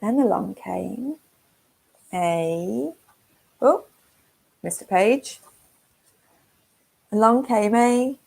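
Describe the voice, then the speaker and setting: Gravelly, slow woman reading to toddlers. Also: fairly high pitch, low-quality recording. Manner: slow, gentle, sing-song, asks the children questions. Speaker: forest school leader. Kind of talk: reading a picture book to toddlers. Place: at home.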